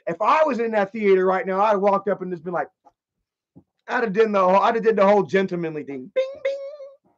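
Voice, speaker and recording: A man streaming live, telling a story in a casual, rambling way, with lots of profanity and animated energy. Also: high voice, fast talker. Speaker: livestreamer. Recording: slightly dull lo-fi stream audio.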